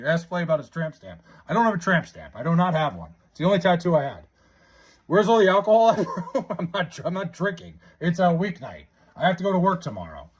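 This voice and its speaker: There's a breathy edge to this young streamer's high voice. He chats casually and reads comments from viewers, getting excited, stammering, and restarting often.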